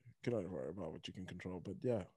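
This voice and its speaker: A man's voice: low voice, rapid-fire, dark tone. Curious man chatting on a podcast. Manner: reacts with short interjections, asks curious questions. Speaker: podcast co-host. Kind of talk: casual chat.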